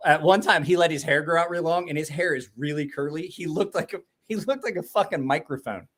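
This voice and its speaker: Man in his 40s, brisk rambling storyteller, lots of cussing, voice a touch high. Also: fairly bright tone. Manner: rambling storyteller, swears constantly, laughs often. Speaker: podcast host. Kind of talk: casual profane chat.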